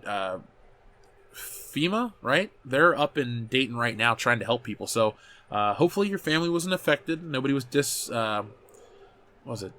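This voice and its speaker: A man in his thirties hosting a casual chat show and reading viewer comments aloud. He talks in an animated way, swears often and corrects himself mid-sentence. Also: mid-range voice, slight background noise.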